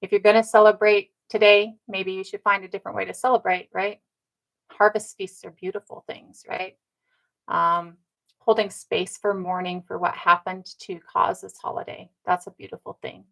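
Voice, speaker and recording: A woman commentator from Indigenous North America speaks directly to her viewers in a casual, earnest monologue full of ums and rhetorical "right?" tags. Her mid-range voice has little pitch movement, normal speed and vocal fry, and the audio is poor.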